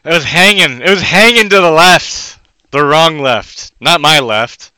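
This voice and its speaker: A man rambling on a solo live stream at home, jumping between loud outbursts and low muttering. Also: lively intonation, measured pace, smooth, no room sound.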